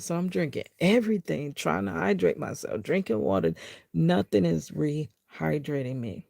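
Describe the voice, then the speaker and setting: Gravelly lady vlogger telling her story slow, dry close sound. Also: low voice, no echo. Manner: animated, acts out quotes, talks straight to viewers. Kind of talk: personal testimony storytelling.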